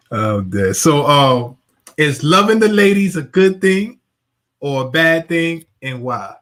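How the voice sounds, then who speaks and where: A man's voice: a little high, a bit bright. A man hosting a casual interview, laid-back and laughing a lot. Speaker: show host.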